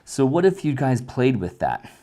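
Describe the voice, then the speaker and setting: A man's voice: mid-range voice, very animated, normal speed, warm tone. A man teaching photography composition on a live stream from his home studio. He thinks aloud and reads out viewer comments. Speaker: photography instructor.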